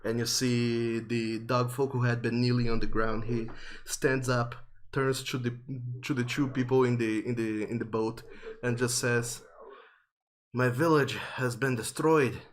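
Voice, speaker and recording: A male game master narrates a tabletop scene at an unhurried pace, describing it step by step with frequent fillers. His voice sits at an ordinary middle pitch. A faint room ambience hangs behind him. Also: level tone, slight background noise.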